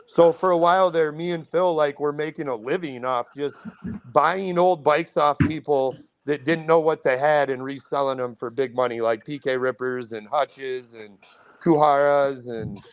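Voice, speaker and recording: A fairly high-voiced man with a Midwestern American accent spins a rowdy story for his podcast buddies. He swears freely and acts out every character's lines, jumping his voice up and down as he goes. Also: normal speed, clean tone, no room sound. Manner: animated, profane, acts out quotes with big pitch jumps. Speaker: podcast host telling a story. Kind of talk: casual storytelling among friends.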